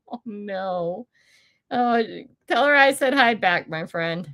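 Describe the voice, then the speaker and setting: Slow-paced and animated, this older American woman speaks at medium pitch with a slightly bright tone. She hosts a relaxed home livestream indoors, wandering from topic to topic, laughing frequently and replying to viewers' comments.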